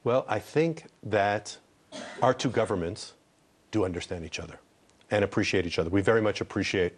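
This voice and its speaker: A man's voice: lowish voice, moderate pace. A man who is an ambassador from Israel, answering questions in a TV news interview in an earnest way and repeating words when he presses a point.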